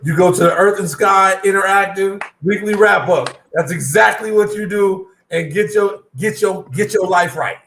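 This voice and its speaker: Man, co-host, animated casual chat, high voice, echoey room. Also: normal speed, few pauses, slight background noise.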